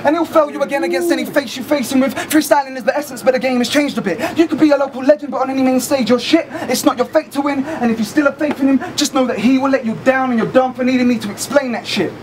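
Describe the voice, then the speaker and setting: A man, rapping an aggressive battle verse with rapid wordplay. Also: very high-pitched, background noise. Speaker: battle rapper. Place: indoor battle rap venue. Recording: rowdy crowd around.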